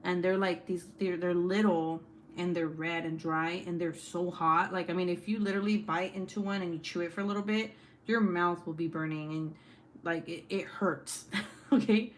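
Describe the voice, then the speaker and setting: A woman in her thirties hosting a casual livestream from home while crafting. She tells stories in an animated way, swears freely and laughs often. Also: on the low side, normal speed, slight background noise. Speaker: livestream host.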